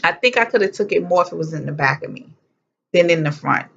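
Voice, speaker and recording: A young woman telling a personal story to camera in a casual, animated way, blunt and swearing freely, acting out what people said. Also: on the low side, quick pace, gravelly, slight background noise. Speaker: vlogger. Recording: dull lo-fi sound.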